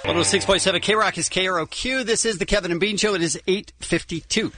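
A man's voice: sits high, fast, sharp tone. A man hosting a radio morning show, wry and teasing in his banter.

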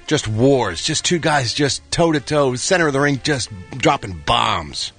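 A man's voice: mid-range voice, expressive, unhurried, vocal fry, fairly bright tone, soft background music. A man reading entertainment news on a morning radio show in a studio, playful and hammy. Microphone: studio microphone.

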